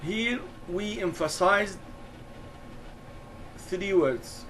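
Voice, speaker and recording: A man teaching an English lesson, explaining slowly and deliberately and repeating key words. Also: a little high, slight background noise, low-quality recording.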